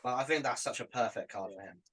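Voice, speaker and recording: A man's voice: medium pitch, fast, fairly bright tone, breathy edge, rough recording. A man on a casual podcast, talking in a laid-back, hesitant way with lots of fillers.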